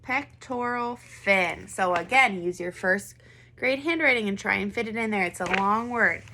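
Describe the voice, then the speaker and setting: A woman with a bright, forceful, medium-pitched voice teaches at a moderate pace, a little hiss or hum audible. Her online first grade lesson is patient and encouraging, full of questions and words for the kids to repeat.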